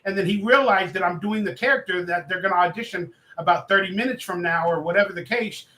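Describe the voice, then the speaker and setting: A man guesting on a live interview show, telling an excitable story and acting out the voices of the people in it. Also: sits high, fast, reverberant, poor audio. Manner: excitable, acts out quoted voices. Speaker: actor guest.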